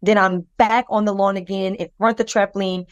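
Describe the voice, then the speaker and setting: A woman's voice: medium pitch, brisk, no echo, muffled recording. A woman on a podcast telling a personal story in a loose, rambling way, full of fillers and restarts, acting out the voices of the people in it. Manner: lively and expressive, acts out other people's voices. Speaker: podcast co-host.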